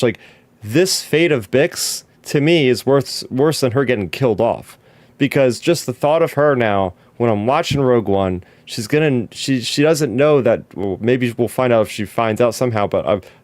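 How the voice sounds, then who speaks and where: A man's voice: mid-range voice, a little mellow, no echo. A man co-hosting a podcast, talking in an effusive, emotional way with many restarts. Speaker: podcast co-host. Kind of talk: casual podcast discussion.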